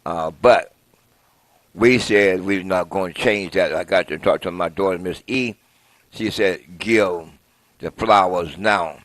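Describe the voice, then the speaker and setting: A man's voice: deep voice, a little slow, no echo. A man hosting a live local TV program in a folksy, rambling way, correcting himself as he goes. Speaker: TV host.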